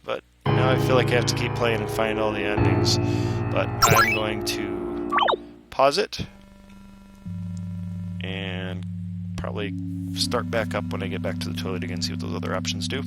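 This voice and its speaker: Joking let's play dude, rambling and distracted, lowish voice, loud game music. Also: male voice, moderate pace, pauses often. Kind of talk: game commentary.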